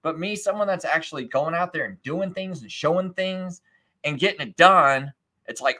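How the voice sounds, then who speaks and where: Sneering and sarcastic, this US livestream host rants casually and keeps breaking into mocking impressions of others. He pitches a little high, at a moderate pace, with a bright, forceful tone.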